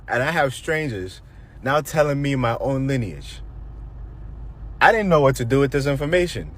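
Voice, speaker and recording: A man from Nigeria casually telling a personal story, animated and acting out the voices of the people in it. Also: medium pitch, normal speed, husky. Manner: animated, acts out quoted voices.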